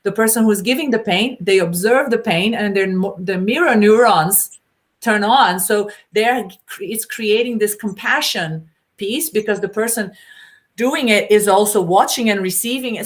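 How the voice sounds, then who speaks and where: A middle-aged woman, a BDSM educator, talking in an informal Q&A, telling stories animatedly and acting out quotes with laughter. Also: medium pitch. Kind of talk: informal Q&A discussion.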